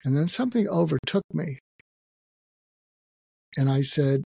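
An older man talks in a halting, reflective way, often restarting his sentences. His voice is husky and sits in a mellow, low register. The recording is dry and close. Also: big pitch swings, no echo. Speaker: guest psychiatrist. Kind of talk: emotional personal interview talk.

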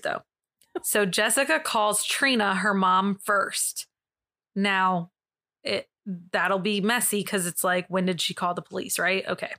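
Young woman, podcast host, casual true-crime storytelling, crisp bright tone, chatty and loose. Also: medium pitch. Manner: chatty, laughs often, swears.

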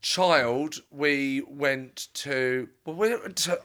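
A male comedian guesting on a podcast, rambling in a deadpan way with lots of restarts. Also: mid-range voice, very slow. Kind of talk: casual comedic chat.

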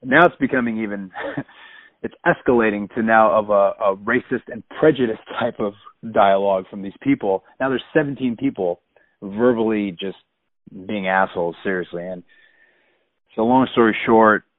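A man's voice: lowish voice, normal speed, no echo. A man in his thirties animatedly and emphatically retelling a personal story. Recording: dry tinny phone-like sound.

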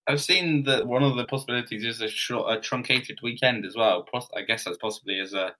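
A man's voice: mid-range voice, fairly quick, bright, forceful tone, poor audio. A man co-hosting a podcast in casual chat, chiming in with brief replies. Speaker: podcast co-host.

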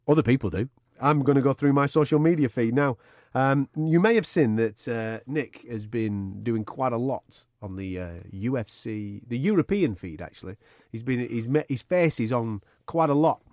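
A man's voice: medium pitch, normal speed, a little mellow, dry recording, clean studio sound. A man hosting a podcast, chatting casually in a jokey, teasing way and swearing freely. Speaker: podcast host. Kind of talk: casual banter.

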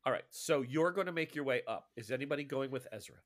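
A man's voice: mid-range voice, expressive, quick pace. A man narrating as game master in a tabletop role-playing game.

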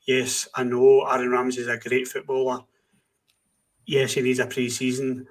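A man co-hosts a casual podcast in a flat, even voice. He gives blunt opinions and answers his own rhetorical questions. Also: medium pitch, moderate pace. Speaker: podcast co-host.

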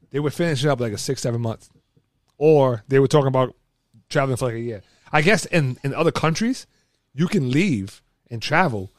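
A man's voice: on the high side, no room sound. Co-host, male, casual rambler with lots of restarts, dry close sound. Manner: rambling storyteller with many restarts and fillers. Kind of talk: casual chat.

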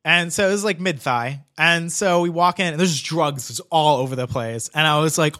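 A man's voice: fairly high pitch, normal speed, few pauses, sharp tone. A man telling a long story in casual chat, rambling with lots of "like" and swearing. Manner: rambling, heavy use of "like", swearing.

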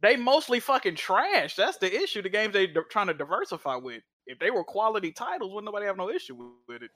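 Bright-voiced, blunt podcast co-host man. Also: sits high, very animated, fast talker, no room sound. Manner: blunt, slangy, profane. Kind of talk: casual gaming podcast chat.

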